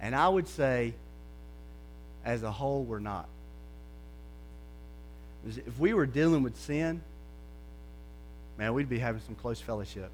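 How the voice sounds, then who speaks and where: A man preaching a conversational sermon to a congregation, often checking in with "okay?" and sometimes dropping to a soft, low voice. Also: animated, a little slow, pauses often, a little hiss or hum. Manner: drops to a soft, low voice for stretches.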